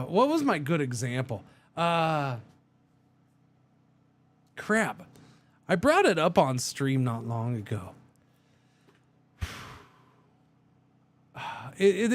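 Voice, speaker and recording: A man streaming a truck driving game, chatting casually and thinking aloud with many restarts. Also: fairly high pitch.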